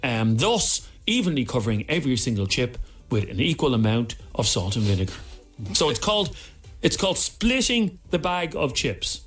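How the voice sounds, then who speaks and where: An Irish man co-hosting a radio show, telling tips in a chatty, animated way from the studio. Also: mid-range voice, moderate pace, soft background music. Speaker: radio co-host. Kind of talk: casual radio chat.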